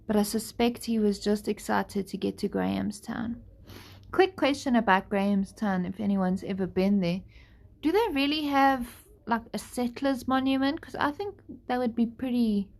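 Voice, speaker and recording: A woman's voice: mid-range voice, darkish tone. Tired woman reading aloud. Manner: apologetic, laid-back. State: tired, yawning. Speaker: host reading a novel aloud. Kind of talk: live book reading with chatty asides.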